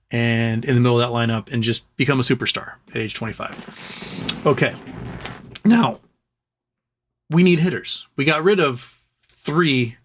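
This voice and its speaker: A man's voice: mid-range voice, a bit bright. A man hosting a casual livestream, thinking aloud and then ranting in an exasperated way. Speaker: livestream host.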